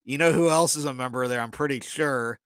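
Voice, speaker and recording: A man's voice: mid-range voice, brisk, fairly bright tone, smooth, no echo. A man co-hosting a podcast, telling rambling stories in casual chat and often apologizing for his own jokes. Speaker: podcast co-host.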